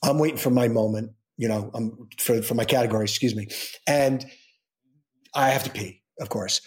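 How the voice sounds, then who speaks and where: A man's voice: mid-range voice, moderate pace. A middle-aged man tells a long personal story as an interview guest. He rambles and restarts, with plenty of fillers, and lifts his voice when acting out what people said. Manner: animated, rambling anecdote with many fillers and restarts.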